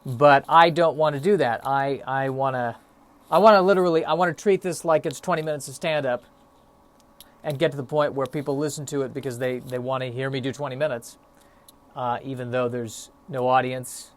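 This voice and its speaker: A man's voice: mid-range voice, steady tone, fairly quick. A young man hosting a solo podcast, musing in a stop-start, self-deprecating way with lots of fillers, a little out of breath. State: a bit out of breath. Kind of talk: rambling solo podcast monologue.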